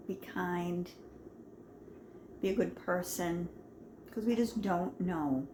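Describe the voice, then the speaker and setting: A woman's voice: on the low side, flat delivery, takes it slowly, long pauses, background noise. A woman chatting casually in her home kitchen as she tastes and talks through her own cooking, rambling and folksy.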